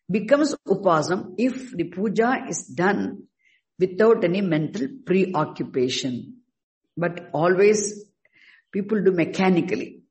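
A man teaching a scripture class, speaking haltingly and stressing key words slowly. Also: high-pitched, low-quality recording. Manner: halting, restarts words, slow emphatic stresses. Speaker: Vedanta teacher.

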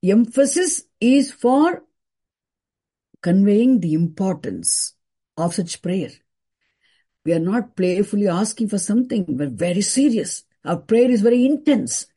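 A woman teaching a scripture class, explaining terms deliberately and repeating key words for emphasis. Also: mid-range voice, sing-song, dark tone, husky.

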